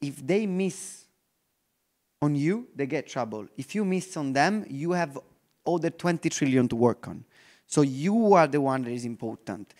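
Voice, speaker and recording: A man with an Italian accent speaks from a conference stage in a voice pitched a little high for a man. His English is loose and full of restarts, and at times he slows to a near-murmur to drive a point home. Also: expressive. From Italy. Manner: non-native English with restarts, drops to very slow, soft delivery for effect. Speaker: investor giving a conference talk.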